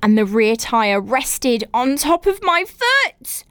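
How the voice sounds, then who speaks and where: A woman's voice: a little high, big pitch swings, slow, a bit bright, clean tone, dry recording. A young woman from England hosting a casual podcast, reading out listeners' stories and reacting with exaggerated, giggly comments. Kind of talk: casual chat.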